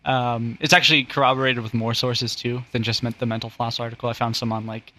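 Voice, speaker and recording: Bright-voiced joking man. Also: medium pitch, little pitch movement, fast. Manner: joking, rambling explainer. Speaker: podcast host. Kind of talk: casual comedic chat.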